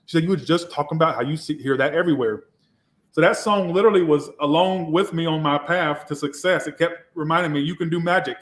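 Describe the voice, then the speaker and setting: A man's voice: a little high, fast. A man, a tarot reader from Georgia, telling his own story in a candid, reflective way with some swearing. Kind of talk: casual personal storytelling.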